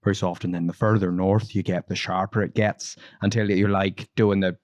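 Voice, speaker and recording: Low-voiced man telling stories. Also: flat delivery, moderate pace, darkish tone, dry recording, clean studio sound. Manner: rambling, laughing storyteller with many restarts. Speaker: podcast co-host. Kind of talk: casual chat.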